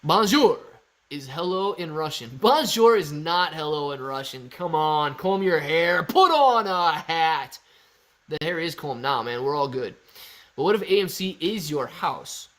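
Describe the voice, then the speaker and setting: A man's voice: a little high, normal speed, a bit bright. A young man hosting a casual live stream, reading chat aloud and answering viewers in a loose, jokey way. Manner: laid-back, jokey, calls viewers dude and man. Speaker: livestream host reading chat. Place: storage-style room at home. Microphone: phone used as camera.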